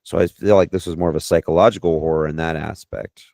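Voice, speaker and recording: A man with a low voice chatting casually about a horror film on a podcast. He sounds laid-back and drops in lots of short agreeing fillers, with a dry, close sound. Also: fairly even intonation, quick pace, vocal fry, a little mellow, no echo. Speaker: podcast co-host. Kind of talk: casual movie discussion.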